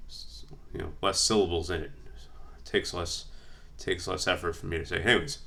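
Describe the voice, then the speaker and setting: A man's voice: sits low, fairly even intonation, moderate pace, gravelly, pushed and bright. A man vlogging casually, rambling with lots of fillers while he reads from his notes. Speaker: wrestling vlogger. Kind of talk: casual fantasy-booking commentary.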